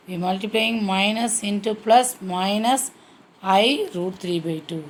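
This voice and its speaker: A woman's voice: medium pitch, a little hiss or hum. A woman teaching a maths lesson step by step, checking in with frequent "okay"s. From India.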